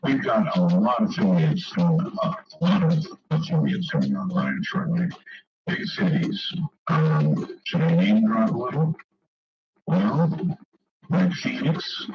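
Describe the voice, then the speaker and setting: Lively radio host man, lo-fi broadcast. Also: sits low, takes it slowly, long pauses. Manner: chatty, wry, easily amused. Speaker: radio talk show host. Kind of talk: late-night call-in radio chat.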